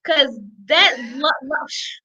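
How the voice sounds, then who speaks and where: A woman co-hosting a casual live-stream chat, expressive and quick to laugh. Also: high-pitched. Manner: laughs often, conversational and expressive.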